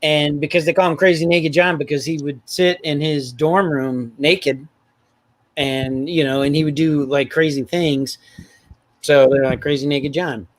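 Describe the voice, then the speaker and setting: A man's voice: a little high, measured pace, dry recording. A middle-aged man co-hosting a podcast, retelling college stories with lots of laughter. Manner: laughs often, animated retelling. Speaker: podcast co-host. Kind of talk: casual storytelling chat.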